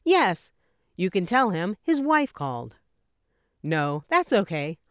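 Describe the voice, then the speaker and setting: Woman, lesson reader: smooth, resonant voice, animated pitch on each phrase. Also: no room sound, clean studio sound. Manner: clear, measured delivery with lively lifts on each example. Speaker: English teacher. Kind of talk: reading example phrases.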